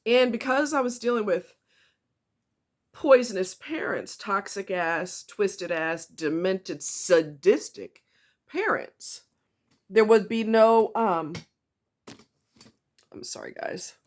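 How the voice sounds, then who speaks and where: A woman speaking in a personal confessional vlog, emotional and with a tight throat, talking haltingly with many ums and restarts and swearing bluntly. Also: mid-range voice, animated. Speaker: vlogger.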